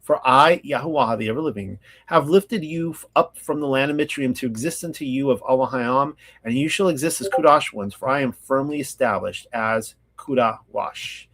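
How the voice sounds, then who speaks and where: A man from California hosting a Bible study, reading scripture slowly and then commenting in a loose, casual way full of fillers and restarts. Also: mid-range voice, a bit bright.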